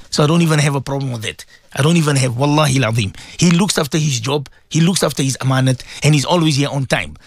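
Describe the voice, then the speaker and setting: A man hosting a live morning radio show, chatting in a warm, preachy way and often calling out to his listeners. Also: mid-range voice, dry recording, studio quality. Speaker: radio host. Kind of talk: casual live radio talk.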